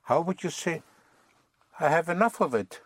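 A man's voice: fairly high pitch, animated, normal speed, slightly rough. A man teaching a language lesson, patiently prompting and repeating phrases.

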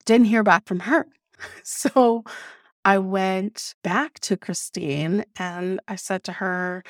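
A woman podcast host casually telling a story from her own life, animated and venting, swearing freely with bursts of laughter. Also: mid-range voice, slow pace, no echo, studio quality.

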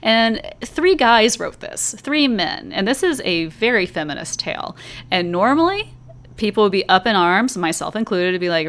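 Chatty tipsy woman, smooth voice. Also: lowish voice. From American South. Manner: chatty, animated, laughs often, drawn-out syllables. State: tipsy from wine. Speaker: podcast co-host. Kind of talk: casual movie discussion.

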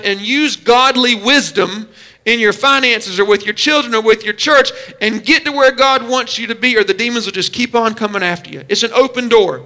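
A pastor delivering a sermon in a very high, bright and forceful voice. He talks in emphatic bursts, stretching key words and laying out numbered points for his listeners. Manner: emphatic preaching with numbered points and drawn-out stresses.

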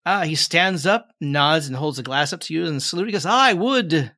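A man's voice: on the high side, fairly quick, sharp tone, dry recording. A man narrating a tabletop game as game master, in a casual, rambling way with lots of fillers.

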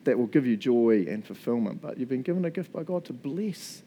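A man's voice: mid-range voice, expressive, a little fast, warm tone, a little hiss or hum. A male pastor preaching a sermon in a casual, chatty way, often laughing as he talks.

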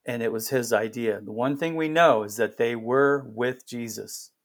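A man hosting a devotional podcast, talking through a Bible passage in a reflective, halting way with many fillers. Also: mid-range voice. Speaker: pastor and podcast host. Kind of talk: conversational devotional podcast talk.

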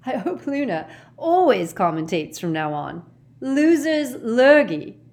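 A woman's voice: medium pitch, big pitch swings, moderate pace, close to an everyday voice. A woman voicing a cheeky teenage boy. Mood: casual. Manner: grinning, teasing and offhand.

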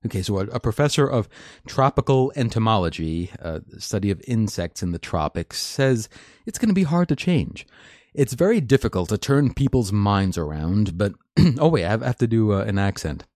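Guy with a lowish voice reading news and riffing on it, lots of uh and um, dry close sound. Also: big pitch swings, moderate pace, a little mellow, no room sound. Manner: chatty, opinionated, full of fillers and restarts. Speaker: host. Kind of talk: live news reading and commentary.

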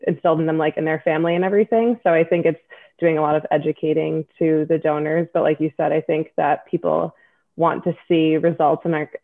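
A man on a college fundraising team, talking in a flat, hedging way with many fillers. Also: fairly high pitch, fairly quick, gravelly. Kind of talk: podcast conversation. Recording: tinny phone-like line.

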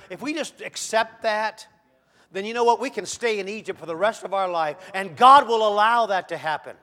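A high-voiced man delivering a sermon. He swings from hushed, measured lines to loud, shouted peaks. He acts out the voices of the figures he quotes. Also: expressive. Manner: dramatic, swinging from soft to shouting. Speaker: preacher.

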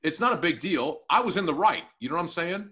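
A man's voice: fairly high pitch, fast. A man on a casual podcast, telling a long profane story and acting out what everyone said. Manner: profane, animated anecdote telling with acted-out quotes. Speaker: podcast co-host and new tech guy.

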